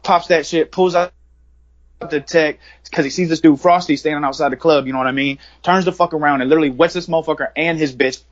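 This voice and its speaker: A young man from West Virginia, a rapper guest in an interview, telling a long story in slangy, profane talk full of fillers like "you know what I mean". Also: on the high side. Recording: dull lo-fi podcast recording.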